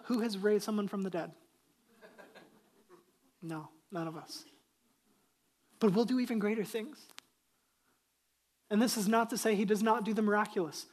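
A man's voice: high-pitched, normal speed, pauses often, a little mellow. A male pastor preaching a sermon, emphatic and full of rhetorical questions to the congregation.

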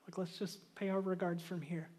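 A man plays a grieving sister pleading in a plain, casual voice, pitched high for a man. The line sounds like everyday sermon storytelling rather than a real character voice. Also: level tone, normal speed, darkish tone. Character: worried grieving sister, adult woman.

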